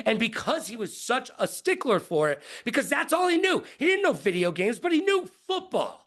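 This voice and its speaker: A middle-aged man, a broadcaster, telling stories in an interview with lively quoted voices. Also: moderate pace, hardly any pauses. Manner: lively, jumps into high-pitched quoted voices. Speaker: guest broadcaster. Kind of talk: animated storytelling in an interview.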